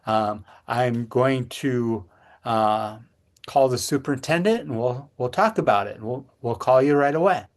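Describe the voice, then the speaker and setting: A middle-aged man, a podcast co-host, telling a personal story in casual chat, earnest and halting with frequent restarts. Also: medium pitch.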